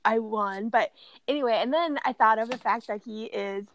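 A young woman in her twenties, co-hosting a podcast and chatting in a playful, animated way. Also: fairly high pitch, normal speed, slight background noise. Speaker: podcast co-host. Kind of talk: casual chat.

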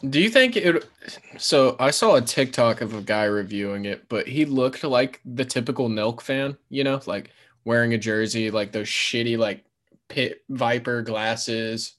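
A man with a medium, somewhat bright voice talks a little slowly as a podcast co-host. His chat is loose and casual, full of swearing and fillers like "like" and "you know."

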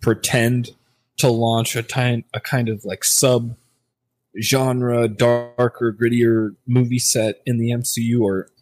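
A man's voice: medium pitch, little pitch movement, unhurried, darkish tone, soft background music. A man co-hosting a podcast in casual chat, rambling loosely and swearing casually. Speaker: podcast co-host.

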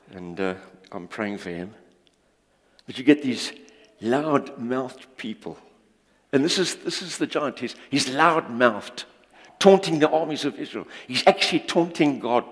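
A man preaches from the pulpit, animated and joking with the congregation. His pitch rises and falls with great energy. The sound carries the long, ringing reverb of a church hall. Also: moderate pace, husky. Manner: animated, jokey, chats with the congregation. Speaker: pastor. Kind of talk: sermon with storytelling.

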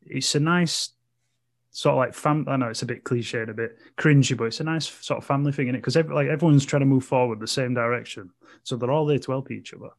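Yorkshire man, relaxed chat, casual slang, easygoing. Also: mid-range voice, fast talker, creaky. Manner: relaxed, says "you know what I mean", "innit". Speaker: streamer, podcast guest.

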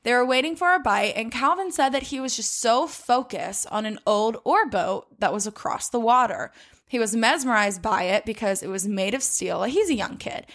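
A woman's voice: on the high side, expressive, normal speed, fairly bright tone. A young adult woman co-hosting a podcast, telling a story in casual chat with lots of fillers and some swearing. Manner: chatty, swearing, many "like" fillers. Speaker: podcast co-host.

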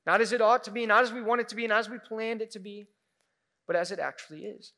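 High bright-voiced young male preacher. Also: fast talker. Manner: casual and animated, many "like"s, acts out reactions. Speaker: pastor. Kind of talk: sermon.

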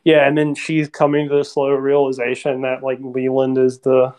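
Animated podcast co-host acting out film scenes. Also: mid-range voice, moderate pace. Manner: animated, acts out quoted lines. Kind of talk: casual film discussion.

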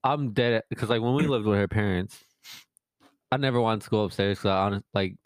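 A young man with a lowish voice tells loose, profane stories in casual podcast chat. His delivery is relaxed and rambling. The sound is dry and close to the mic. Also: brisk, no echo. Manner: laid-back, profane storytelling, mimics his son in a high voice. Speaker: podcast co-host.

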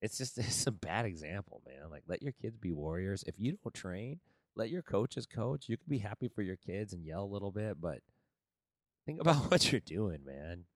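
Man, low voice, lively pitch, laid-back podcast chat, dry close sound. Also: normal speed, dry recording. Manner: animated storytelling, says "man" and "dude" a lot. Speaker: podcast co-host and kids' jiu-jitsu coach.

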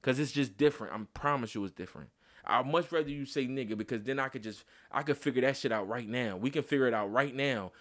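A man chatting casually on a podcast at an ordinary pitch. He talks emphatically and profanely, piling on slang and repeating himself to drive his point home. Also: quick pace, fairly bright tone. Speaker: podcast co-host. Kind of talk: casual chat.

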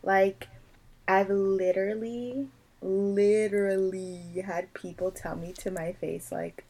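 A young woman from Puerto Rico talking in a casual podcast chat, animated and emphatic, acting out the people she quotes. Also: mid-range voice, takes it slowly, low-quality recording.

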